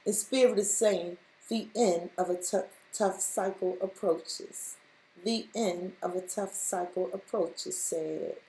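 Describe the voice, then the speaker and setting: A woman with a mid-range, dark-toned voice gives a spiritual tarot reading, taking her time. There's slight background noise and a roomy echo. She addresses the listener directly, repeating her points emphatically.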